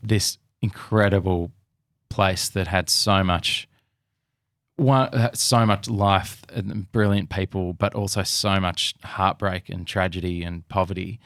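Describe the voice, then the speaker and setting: Man, very low voice, host, hesitant, halting, dry studio sound. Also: fairly even intonation, a bit bright, no room sound. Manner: hesitant, searching, with many restarts. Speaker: podcast host. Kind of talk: reflective conversational interview.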